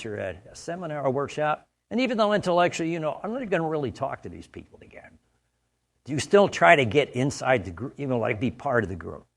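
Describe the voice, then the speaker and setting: A man from the United States giving a conversational training talk, full of stories and frequent "right?" checks. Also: a little high. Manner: anecdotal, conversational, asks "right?" often. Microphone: studio mic.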